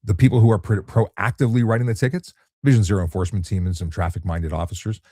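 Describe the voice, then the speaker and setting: Low husky guy, a cop chatting late night with viewers, laid back, repeats himself a lot. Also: fairly even intonation, fast, dark tone, dry recording, clean studio sound. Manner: easygoing, often repeats words when restarting. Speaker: traffic cop and livestream host. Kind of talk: relaxed late-night live chat answering viewer questions.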